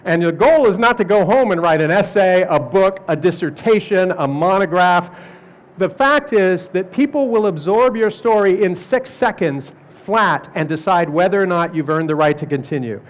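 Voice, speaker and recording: A middle-aged man giving a lively, joking presentation to artists, acting out quoted people as he goes. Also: high voice, normal speed. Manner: animated, jokey, acts out quoted people. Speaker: speaker at an art fair talk. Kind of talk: lecture presentation.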